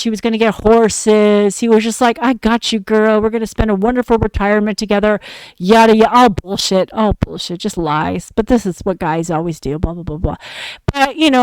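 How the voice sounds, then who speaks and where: A woman hosts a casual podcast, spilling a personal story in a frank, foul-mouthed way. She acts out the lines of the people she quotes. Her voice is smooth and clear, recorded close in a dry, dead space. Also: medium pitch, no echo, rough recording. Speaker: podcast host.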